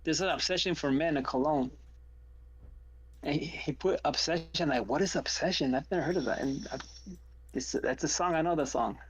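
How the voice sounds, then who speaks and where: A man's voice: a little high, normal speed, slight background noise, poor audio. A man chatting casually on a live stream, rambling through asides and reading jokes out.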